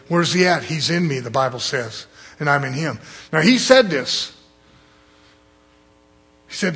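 Husky high-voiced guy preaching hard, keeps repeating lines to drive it home. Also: fairly bright tone. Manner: emphatic, repeats phrases for stress. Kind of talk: sermon.

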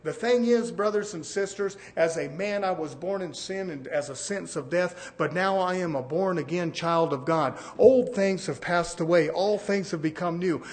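A man preaching a sermon, rising and falling in emphatic bursts and often saying "amen" and "brothers and sisters". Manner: emphatic preaching with sudden rises in pitch and loudness.

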